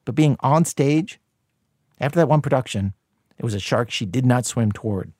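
A man hosting a radio show, introducing a story in a calm, conversational scripted way. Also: mid-range voice, normal speed, dry recording, clean studio sound.

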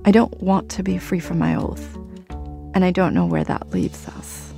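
A woman's voice: on the low side, wildly swooping pitch, moderate pace, creaky, over music. A woman from Argentina narrating her personal story in a candid, reflective way. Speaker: journalist and narrator.

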